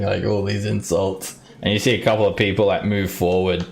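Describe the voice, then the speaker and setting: Chill gm guy, low and gravelly, talks real slow. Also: echoey room, poor audio. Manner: relaxed, laughs between lines. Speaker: game master. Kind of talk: narrating a tabletop game.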